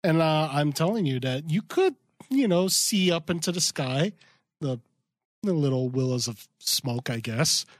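A man's voice: on the high side, animated, measured pace, no room sound, clean studio sound. A man from the Philippines co-hosting a podcast, chatting casually and rambling with lots of "you know" and "uh". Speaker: podcast co-host. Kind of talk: casual chat.

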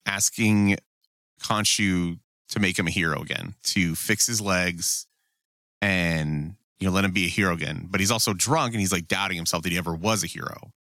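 Profane, animated man. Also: low voice, dry recording, studio quality. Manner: profane, animated, quick to act out quotes. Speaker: podcast co-host. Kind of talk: casual chat.

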